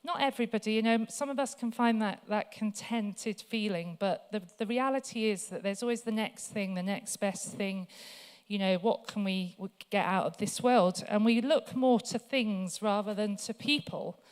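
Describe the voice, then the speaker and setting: A woman's voice: medium pitch, moderate pace, clear, resonant tone. A woman speaking at a church, telling funny personal stories in a chatty way with many fillers before she turns to scripture. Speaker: guest speaker.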